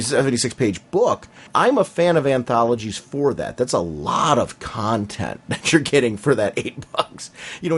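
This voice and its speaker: A man's voice: medium pitch, husky. A man co-hosting a comics podcast, talking in a casual, enthusiastic and rambling way. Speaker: podcast co-host.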